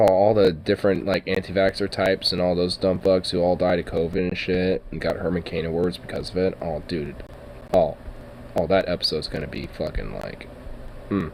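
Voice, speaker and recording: A man's voice: sits low, slight background noise, poor audio. A young adult man hosting a podcast, talking casually, rambling with lots of fillers, cursing and laughing. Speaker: podcast host. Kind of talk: casual solo commentary.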